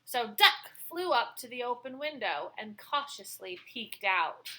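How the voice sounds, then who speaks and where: Woman reading a kids story aloud, slow and sing-songy, high voice. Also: animated, bright, forceful tone, low-quality recording. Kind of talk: reading a picture book aloud.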